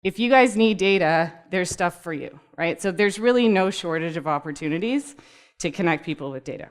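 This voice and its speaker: A woman's voice: on the low side, animated, brisk. Chatty woman giving a talk. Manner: chatty and upbeat, laughs easily, talks to the audience. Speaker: speaker at a tech community talk. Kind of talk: conversational presentation. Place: event room before a live audience.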